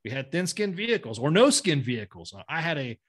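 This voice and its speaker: Speaking English as a second language, this middle-aged man, a retired sergeant major guesting on a podcast, spins casual stories fast, bluntly and with lots of profanity. His voice sits on the high side and has a sing-song quality.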